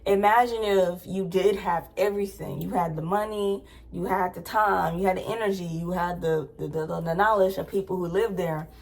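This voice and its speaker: A woman's voice: on the low side, steady tone, normal speed, hardly any pauses. A young adult woman vlogger telling a personal story in a casual, chatty way, full of "like" fillers.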